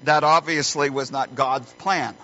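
A middle-aged man preaching a sermon as a pastor, earnest and folksy, telling stories with deliberate pauses, recorded in a church. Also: medium pitch, fairly even intonation, bright, forceful tone, faint music behind. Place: church sanctuary. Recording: muffled lo-fi recording with faint hum.

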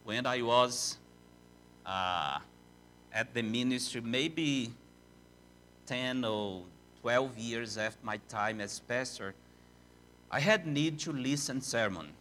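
An older man preaches in English with a strong Portuguese accent, his first language being Portuguese. He talks very slowly in a bright, forceful voice. His delivery is halting and self-deprecating as he hunts for words. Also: mid-range voice, slight background noise. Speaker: visiting missionary preacher. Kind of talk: sermon in a church.

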